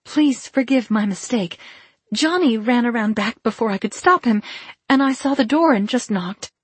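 A woman reading the part of a hurt, timid young mother who speaks softly and apologetically. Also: on the high side, lively intonation, normal speed, husky, no echo, voice pushed up. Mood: apologetic. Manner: soft and apologetic.

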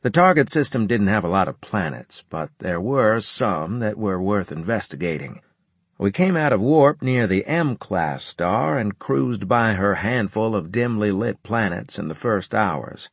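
A man reading a first-person audiobook narration in a measured, wry storytelling manner. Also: lowish voice, expressive, slightly rough, dry recording.

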